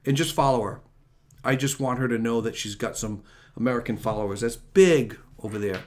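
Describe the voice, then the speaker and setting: A man's voice: medium pitch, fairly quick. A middle-aged man hosting a casual talk show, rambling and joking as he signs off. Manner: rambling, chatty, jokey. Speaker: host.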